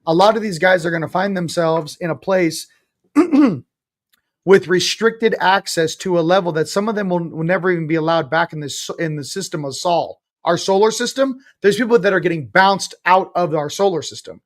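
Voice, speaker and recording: Blunt, emphatic man with a higher voice. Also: normal speed. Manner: emphatic, blunt, swears casually; sarcastic, self-mocking. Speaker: interview guest. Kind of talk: casual spiritual interview talk.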